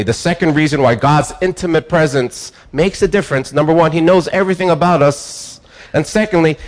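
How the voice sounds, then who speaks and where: Male pastor, fairly high voice, emphatic sermon delivery with sweeping rises and falls. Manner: emphatic preaching, rising and falling with pauses; repeats words and restarts phrases.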